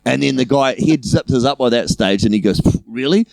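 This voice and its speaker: A man in his thirties with a New Zealand accent, a comedian telling a profane, animated story on a podcast. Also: medium pitch, fast, gravelly, no room sound. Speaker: comedian guest.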